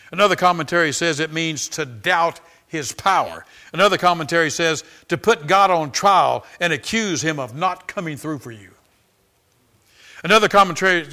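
A pastor preaching with a bright, forceful voice that sits a little high for a man. He hammers his points through repetition and calls out for amens. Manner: emphatic preaching, repeating phrases, calling for amens. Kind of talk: sermon.

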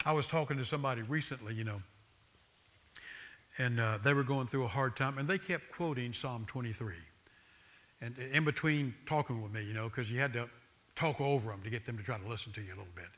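A man's voice: medium pitch, brisk, a bit bright. A man preaching a sermon, with an emphatic, repetitive cadence that builds through lists of phrases.

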